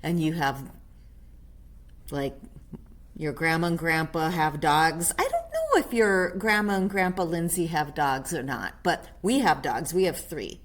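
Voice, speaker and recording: A woman reading a picture book aloud to a child on camera, animated, with chatty whispered asides. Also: low voice, unhurried.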